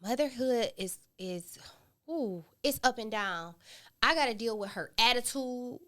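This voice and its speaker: A woman's voice: on the high side, animated, measured pace, fairly bright tone. A woman in her thirties, a podcast guest talking candidly and animatedly in a casual conversation.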